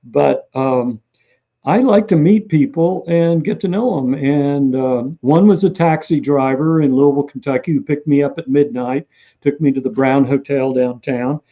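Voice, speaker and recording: A man, an author being interviewed, telling lively stories and acting out what people said. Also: mid-range voice, normal speed, narrow, tinny audio. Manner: animated anecdotal storyteller who acts out quotes. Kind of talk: interview storytelling.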